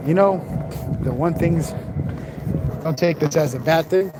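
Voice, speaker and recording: On a nighttime walk through city streets, a man with a somewhat high voice livestreams at an unhurried pace, holding his phone camera. With street noise behind him, he chats casually and reads viewer comments aloud.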